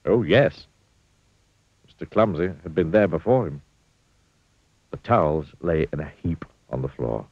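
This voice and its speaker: A man reading a children's storybook aloud in a playful, expressive way. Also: very deep voice, normal speed, breathy edge, dry recording. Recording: dull lo-fi dry recording.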